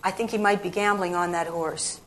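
A woman voicing a suspicious, sharp-tongued young woman who presses her partner with skeptical questions in a storybook reading. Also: fairly low pitch, steady tone, fairly quick, slight background noise, lightly acted.

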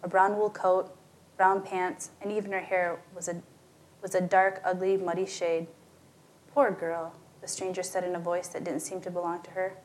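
A woman reading a short story aloud as narrator, shifting her pitch and volume for the dialogue. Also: flat delivery, normal speed.

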